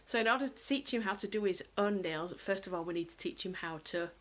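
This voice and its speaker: A British woman giving a casual live dog-training lesson at home, chatting to viewers and breaking into high-pitched praise for her dog. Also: fast talker, a bit bright. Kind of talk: live-streamed training demo.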